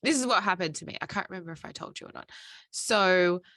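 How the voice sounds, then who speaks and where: Easygoing woman co-host, husky-low gravelly tone, dry close sound. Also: fast, no echo. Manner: easygoing storyteller, calm advice giver. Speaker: podcast co-host. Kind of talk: casual chat.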